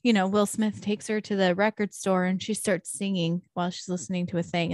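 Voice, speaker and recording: A young woman chatting casually on a podcast, giggly and animated as she tells stories. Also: medium pitch, brisk, few pauses, no echo. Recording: dry close mic.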